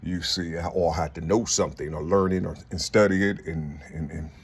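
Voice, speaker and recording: A man's voice: low-pitched, fairly even intonation, brisk, breathy edge. A man in his fifties talking to his viewers in a rambling monologue, peppered with "you see", fillers and restarts. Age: 50s. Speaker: vlogger. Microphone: phone.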